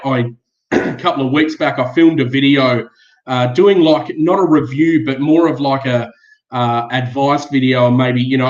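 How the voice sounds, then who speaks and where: An Australian man as a podcast guest, chatting easily and laughing often. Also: mid-range voice. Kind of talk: casual chat. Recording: echoey, muffled remote audio.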